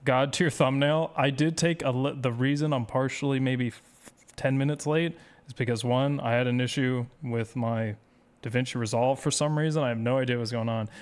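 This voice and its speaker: A man hosting a live speedrun stream, reading viewer comments aloud and answering them casually. He rambles and teases himself. His voice comes through smooth and clear, sitting at a plain mid pitch. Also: fairly even intonation, normal speed. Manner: rambling, self-deprecating, reads chat aloud.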